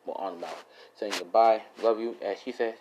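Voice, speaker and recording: A man's voice: fairly low pitch, fairly even intonation, fairly quick, darkish tone, slight background noise. A man casually improvising a fan story, rambling, slangy and swearing, often correcting himself. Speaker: YouTuber storyteller.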